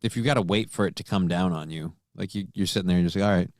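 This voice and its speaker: A man co-hosting a morning show, tossing crude jokes and quick interjections into casual banter. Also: low voice, no room sound, clean studio sound.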